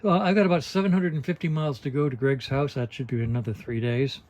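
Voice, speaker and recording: Inside his RV, an older man records a casual, rambling vlog on a handheld camera, speaking fast in a steady, slightly mellow mid-range voice. He's folksy and wanders off topic, tossing in wry asides and often starting over. The audio sounds dull.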